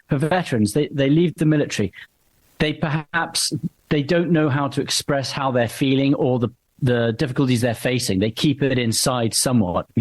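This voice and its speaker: Host: man with a mid-range voice, thoughtful and supportive when asking questions. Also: medium pitch. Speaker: podcast host. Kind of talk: podcast interview.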